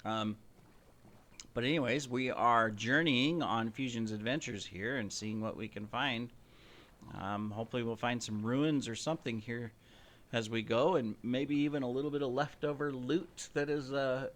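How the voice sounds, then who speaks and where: A man's voice: mid-range voice, fairly bright tone. A man hosting his own gameplay channel, rambling casually with playful, self-mocking boasts about his show. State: slightly out of breath, coughing. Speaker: gaming channel host.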